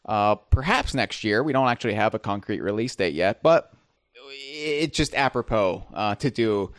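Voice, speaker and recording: A man's voice: fairly low pitch, expressive, moderate pace, no echo, clean studio sound. A man hosting a casual podcast, joking and rambling with plenty of fillers. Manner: jokey, rambling, filler-heavy. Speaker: podcast host.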